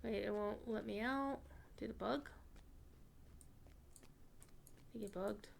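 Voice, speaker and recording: A woman's voice: medium pitch, slow, gravelly, a little hiss or hum. A woman streaming a video game, chatting casually with her viewers. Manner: chatty, talks to her chat, swears casually. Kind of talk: casual gaming commentary.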